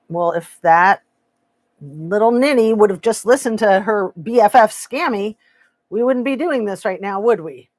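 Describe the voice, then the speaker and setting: A woman's voice: medium pitch, animated, unhurried, a little mellow, no echo. A woman hosting a casual true crime live stream, sarcastic and opinionated, reading chat aloud. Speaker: true crime commentary host.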